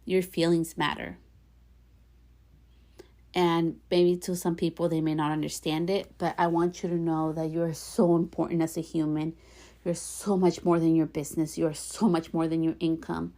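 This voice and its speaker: Woman, podcast host, solo talk, earnest, encouraging, repeated affirmations, slightly low pitch. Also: level tone, moderate pace, warm tone.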